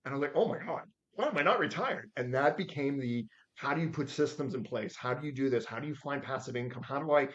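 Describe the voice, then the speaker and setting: A man in his forties telling stories as a podcast guest, acting out the quotes with lively shifts in voice. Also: mid-range voice, gravelly, dull audio. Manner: animated storyteller acting out his own quotes. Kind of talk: storytelling in a podcast interview.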